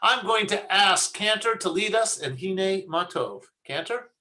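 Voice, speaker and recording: A man with a high, sharp voice leads an online service from a video call. He talks in a relaxed, chatty way, stopping to tell groan-worthy puns. The sound is a plain call-mic recording. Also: measured pace. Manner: chatty, jokey, tells corny puns. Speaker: rabbi leading a service. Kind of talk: casual online service hosting.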